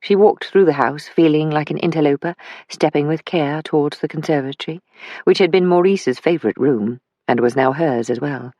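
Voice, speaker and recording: An audiobook narrator reading a mystery novel in a measured, even way. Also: mid-range voice, dry recording.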